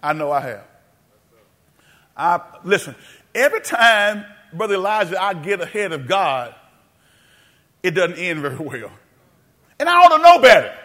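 A male preacher delivers a sermon in a church sanctuary. His voice sits high and rings bright. He calls for responses, half-sings phrases and climbs to shouts. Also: very animated, moderate pace, long pauses. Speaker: pastor.

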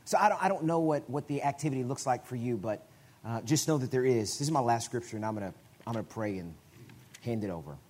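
A man preaching a sermon in a conversational way, often restarting his phrases and breaking into sudden loud bursts. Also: mid-range voice, animated, fast. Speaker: guest preacher.

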